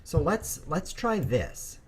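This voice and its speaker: A man hosting a chess stream, chatting casually and joking through his moves, with sudden bursts and quiet mumbles. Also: fairly high pitch, very animated, slow pace, a little hiss or hum. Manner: playful, jokey, rambling asides. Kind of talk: casual live commentary while playing.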